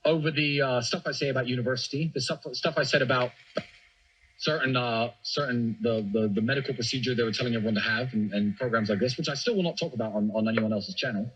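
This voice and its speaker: A man talking as a guest on a podcast, telling his story in an emphatic, animated way. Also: mid-range voice, fast talker, muffled recording, slight background noise. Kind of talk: casual chat.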